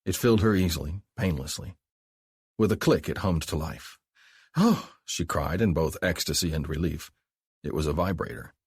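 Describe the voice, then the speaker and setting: A man narrating an audiobook in a calm, even storytelling manner. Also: rumbling low, moderate pace, slightly rough, no room sound, studio quality. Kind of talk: scripted narration.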